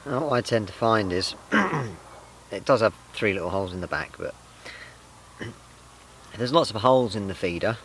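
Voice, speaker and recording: A man's voice: on the low side, normal speed, long pauses, fairly bright tone, slight background noise, low-quality recording. Chatty angler man by the water. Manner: chatty, self-deprecating, explains tackle step by step. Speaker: angler vlogger. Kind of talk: casual outdoor fishing vlog. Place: outdoors by a fenland lake.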